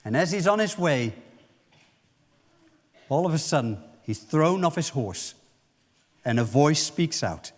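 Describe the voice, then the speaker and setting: A male pastor delivers a sermon in a high-pitched voice that rings through the sanctuary with long reverb. He tells the story vividly with lively intonation at a measured pace, pausing often and taking on the voices of its characters.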